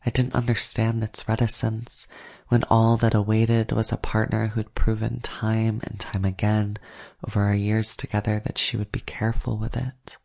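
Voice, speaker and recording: A narrator reading a first-person erotic story aloud in a slow, hushed manner that often drops to a whisper. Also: mid-range voice, gravelly.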